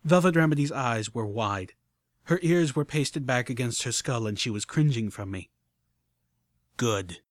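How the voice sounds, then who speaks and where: A man narrating a story in the first person with expressive, animated delivery. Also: medium pitch, moderate pace, no room sound. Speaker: audiobook narrator.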